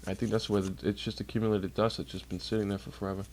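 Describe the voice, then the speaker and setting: A man's voice: on the low side, little pitch movement, very fast, a little mellow, a little hiss or hum. A man chatting casually on a livestream from home, rambling and swearing while doing chores. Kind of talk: casual rambling stream chat. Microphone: computer mic while streaming.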